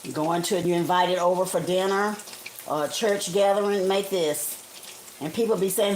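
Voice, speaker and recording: Woman host of a home cooking livestream, lowish voice, chatty and homey, faint sizzle of frying behind. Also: normal speed, a little hiss or hum, rough recording. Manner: chatty and homey, calls viewers honey and guys. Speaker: home cook streaming live. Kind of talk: casual live cooking demonstration. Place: home kitchen, frying on the stove.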